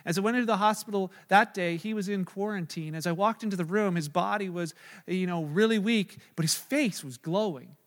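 A man's voice: high voice, brisk, big-room sound. A man preaching as a pastor, earnestly retelling a hospital conversation, with frequent fillers and restarts. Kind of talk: sermon storytelling.

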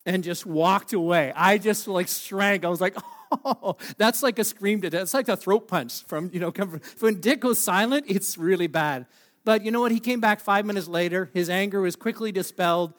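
Man, high voice, preacher, humorous storytelling sermon, self-deprecating, halting with fillers. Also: a bit bright.

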